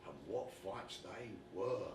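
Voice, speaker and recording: An actor playing a brash, chatty British boxing commentator in an animated one-man stage comedy monologue, talking straight to the audience. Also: fairly low pitch, slow pace, background noise. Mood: enthusiastic. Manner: animated, chummy, addresses the audience directly. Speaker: stage performer. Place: theatre stage with a live audience. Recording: roomy live stage recording from far off.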